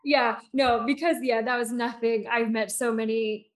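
A woman speaking as a podcast guest and speech therapist, telling stories in an animated way with many fillers and restarts. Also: on the high side, moderate pace. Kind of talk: conversational storytelling.

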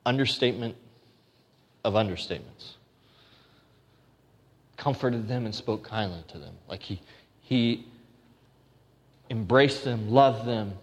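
A man preaching a sermon as pastor, earnest, with restarts and emphatic repetition. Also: mid-range voice. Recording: long hall reverb.

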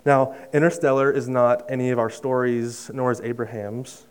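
A young man preaching in a smooth, resonant voice at an ordinary middle pitch. He talks earnestly and conversationally, restarting his phrases, and sinks to a near-hush on heartfelt lines. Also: little pitch movement, moderate pace. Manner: drops to a soft hush on emotional lines. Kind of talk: sermon with personal story.

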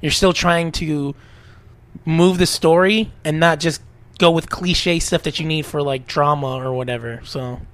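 A man co-hosting a casual podcast, rambling and animated with plenty of fillers. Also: a little high, unhurried. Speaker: podcast co-host.

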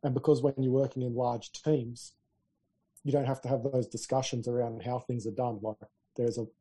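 In casual tech talk on a podcast he co-hosts, a man chats amiably, laughing easily and sharing stories. His medium-pitched voice is mellow and slightly rough, with a level tone and moderate pace.

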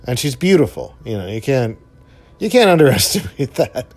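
A young man giving casual, rambling movie commentary while watching, full of fillers and offhand swearing, his voice jumping up when excited. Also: moderate pace, no room sound, soft background music. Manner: enthusiastic, pitch jumps up when excited. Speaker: film commentator.

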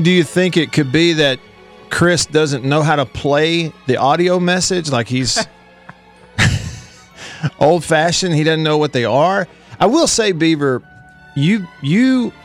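A man hosting a country radio show, chatting casually and rambling with a co-host, often laughing. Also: on the high side. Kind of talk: casual on-air banter. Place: radio studio.

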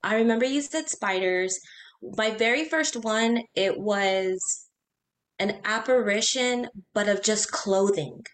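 A woman casually telling personal ghost stories in a chat, animated, talking in quick bursts and acting out her own reactions. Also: medium pitch, slight background noise.

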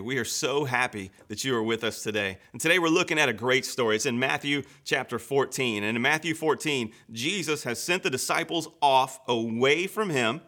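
A man with a bright, forceful voice preaches a daily devotional. He talks in an earnest, conversational way and stretches key phrases slowly for emphasis. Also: mid-range voice. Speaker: pastor. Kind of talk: devotional sermon.

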